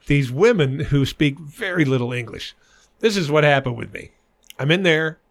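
A middle-aged man on a podcast, telling crude, animated anecdotes with lots of swearing. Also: a little high, measured pace, gravelly. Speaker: podcast co-host. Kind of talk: casual chat, storytelling.

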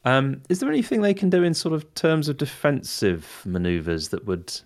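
Man, tabletop game player, mid pitch, casual, easygoing. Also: huge pitch swings, normal speed. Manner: easygoing, laughs often, hesitant. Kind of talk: playing a tabletop game over voice chat.

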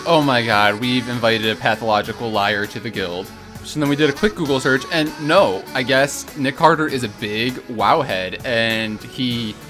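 A man co-hosting a casual gaming podcast, talking in a relaxed way with frequent "like" and quick laughs. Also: mid-range voice. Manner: relaxed, laughing, lots of fillers.

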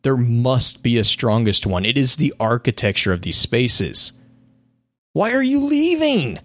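A man's voice: medium pitch, very animated, a little slow, a bit bright, no room sound, voice pushed up. A man voicing an unhinged male sorcerer obsessed with the hive, scolding the listener in a theatrical, lofty manner. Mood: indignant, mocking.

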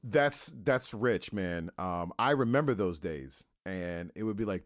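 A man's voice: fairly low pitch, lively intonation, unhurried, few pauses, no room sound, studio quality. A middle-aged man hosting a podcast interview, rambling and acting out little scenes as he talks. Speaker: podcast host. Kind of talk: casual interview chat.

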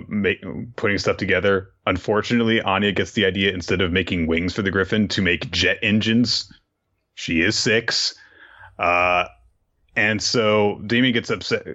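A man with a very low voice recaps a story in casual chat. He rambles, stacking fillers and tossing off crude asides. The audio is a little dull and lo-fi. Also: sharp tone. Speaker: podcast host recapping a manga.

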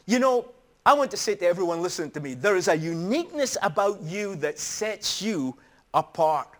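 A man's voice: sits high, very animated, normal speed, a bit bright. A middle-aged man preaching a sermon in an earnest, emphatic storytelling manner.

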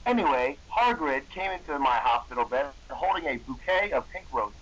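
A man's voice: a little high, animated, moderate pace, fairly bright tone, slightly rough, lo-fi sound. A young man hosting a podcast, reading a silly story aloud in a mock-serious, comedic way. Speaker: podcast co-host.

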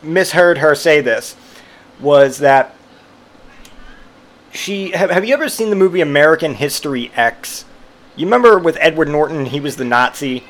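A man telling a rambling personal story, swearing freely and amused, with lots of fillers and restarts. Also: on the high side. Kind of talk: casual storytelling monologue.

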